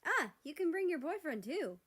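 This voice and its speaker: A woman's voice: extremely high pitch, very animated, moderate pace, a bit bright, voice pushed up, heavily acted. Eager pouty younger brother, storybook reading, voiced by a woman.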